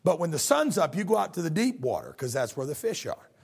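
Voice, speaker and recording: A man preaching a sermon as a pastor, folksy and animated, with joking asides. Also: fairly high pitch, fast talker, gravelly, breathy edge.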